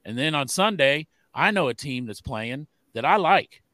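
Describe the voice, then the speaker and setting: A man's voice: a little high, animated, normal speed, sharp tone. A man co-hosting a sports podcast, joking around in casual chat and swearing freely. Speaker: podcast co-host.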